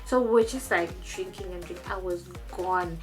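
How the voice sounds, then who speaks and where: A young woman casually telling a personal story in a vlog, animated and jumping into high quoted voices, often restarting and repeating words. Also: normal speed, faint music behind. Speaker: vlogger.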